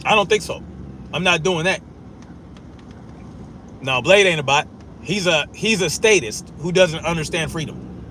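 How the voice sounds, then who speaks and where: A man's voice: fairly high pitch, big pitch swings, unhurried, pauses often, sharp tone, a little hiss or hum. A man arguing back at chat comments during a casual live stream, profane and repeating himself for emphasis.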